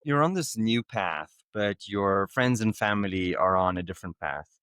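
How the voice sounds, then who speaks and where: A male podcast host with a fairly low voice that rises and falls a lot as he talks. He asks open questions and reflects earnestly on his guest's stories. His voice sounds dry and close, with no room echo. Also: expressive, normal speed, fairly bright tone, smooth. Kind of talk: interview conversation.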